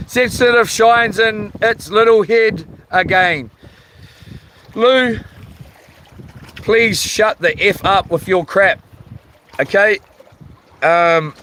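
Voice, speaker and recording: Male New Zealand live-stream host, high-pitched and slow, easygoing chat reader who gets firm when annoyed. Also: pushed and bright, a little hiss or hum, rough recording. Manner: laid-back, lots of ums, chuckles, firm when annoyed.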